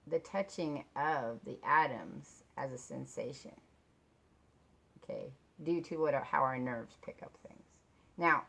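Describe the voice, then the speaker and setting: Speaking low with vocal fry and a fairly bright tone, a middle-aged vlogger chats casually to her camera. Her talk wanders, turns self-deprecating, and is punctuated by frequent laughter.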